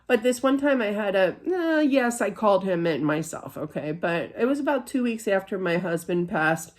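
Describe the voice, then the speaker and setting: A woman's voice: medium pitch, lively intonation, moderate pace. A middle-aged woman giving a casual spiritual reading, chatty and rambling, full of fillers and restarts. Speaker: psychic reader.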